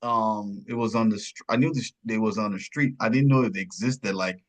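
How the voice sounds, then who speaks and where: A man co-hosting a podcast, chatting casually about a film, rambling and searching for words, his pitch jumping up when surprised. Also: steady tone, fairly quick. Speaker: podcast co-host. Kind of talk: casual film review chat.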